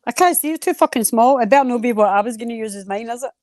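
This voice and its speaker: A Scottish woman chatting on a live stream, telling stories fast and swearing freely. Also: fairly high pitch, slight background noise. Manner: fast, sweary, animated storytelling. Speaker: regular on a live stream panel. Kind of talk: casual live-stream chat.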